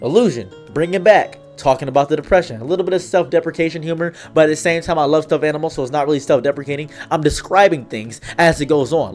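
A man hosting a comedic commentary video, rambling without a script and playing up his words with theatrical inflections. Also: on the high side. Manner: theatrical, exaggerated inflections and playful emphasis. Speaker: YouTube commentary host.

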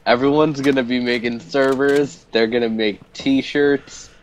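A man's voice: mid-range voice, fairly even intonation, a little slow, slight background noise, rough recording. Playful young man joking over gameplay. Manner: silly, playful, chants nonsense words. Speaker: gaming co-host. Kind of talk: casual gameplay chat.

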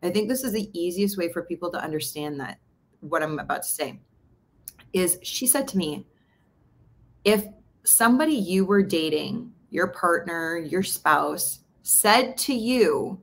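A woman's voice: lowish voice, unhurried. Candid woman host telling a story. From Canada. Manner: candid, storytelling, animated retelling of dialogue. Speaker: podcast host. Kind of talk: casual conversational interview.

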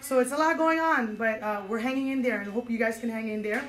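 A woman's voice: fairly high pitch, quick pace, reverberant, soft background music. A woman instructor leading an online step dance lesson, counting out beats and encouraging her students, a little out of breath, in a dance studio. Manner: upbeat and encouraging, counts aloud.

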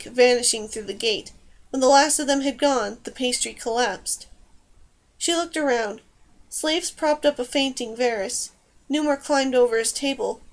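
High-voiced woman reading a fantasy story. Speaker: audiobook reader. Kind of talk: scripted narration.

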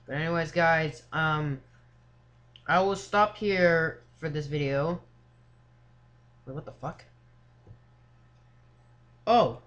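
A gamer in casual let's-play commentary who fills speech with "like" and "seriously," swears constantly and yells at jump scares. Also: mid-range voice, takes it slowly, long pauses, highs cut off. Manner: filler-heavy, says "like" and "seriously" often. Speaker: gamer playing a horror game.

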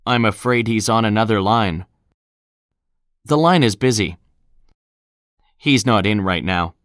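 A man reading example sentences one by one in a clear, deliberate scripted style, recorded in a studio. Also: on the low side, a bit bright, no echo. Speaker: English phrase reader.

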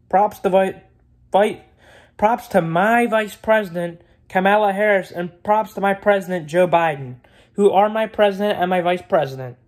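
A man talks straight to his audience in a loose, rambling rant. He is blunt and opinionated, circles back to the same points, and swears freely along the way. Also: high voice. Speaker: vlogger. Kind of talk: casual rant to camera.

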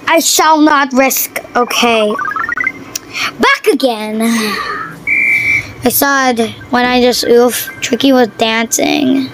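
A woman chatting casually over her gameplay, excitable and quick to gasp and yelp at what happens on screen. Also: high voice, noisy background. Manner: excitable, yelps and gasps at the game. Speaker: mobile game player.

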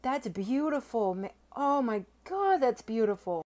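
A young woman vlogging a casual unboxing, gushing and excitable, stammering and swearing when she is overwhelmed. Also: a little high, a little slow. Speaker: silver-stacking vlogger.

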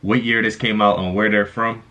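A man's voice: lowish voice, flat delivery, moderate pace, pushed and bright, dull audio. A young man hosting a music reaction video, talking casually in laid-back slang and ending phrases with "man". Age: young adult. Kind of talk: casual chat.

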